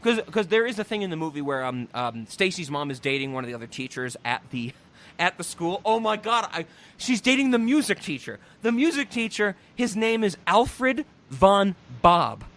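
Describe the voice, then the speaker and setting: An excitable podcast host, a man, tells a story in loose, profane, animated chat. His voice sits high for a man and leaps all over the place in pitch. He laughs and keeps the energy up. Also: moderate pace.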